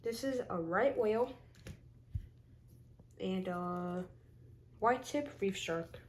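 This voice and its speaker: A woman's voice: mid-range voice, lively intonation, slow, slight background noise, rough recording. A woman in a casual show-and-tell vlog, chatting as she lists her figures one by one with short comments. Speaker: toy collector showing her figures.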